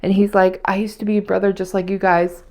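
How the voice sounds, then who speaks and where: A woman's voice: mid-range voice, level tone, quick pace, darkish tone. Young woman, casual vlog chat, rambling, emotional, lots of "like". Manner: rambling, emotional, heavy on fillers. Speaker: vlogger. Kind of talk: casual weekly catch-up chat.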